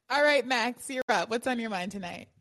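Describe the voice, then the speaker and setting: A woman's voice: on the high side, fairly bright tone. A woman hosting a call-in podcast, talking casually, laughing often and cutting herself off mid-thought. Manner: quick, laughs often, self-interrupting. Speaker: podcast host.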